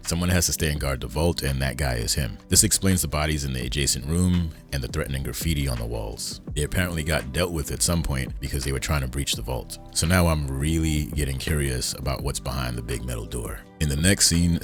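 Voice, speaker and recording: Very deep-voiced man recapping a TV episode. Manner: casual, conversational, with asides. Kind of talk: scripted episode commentary.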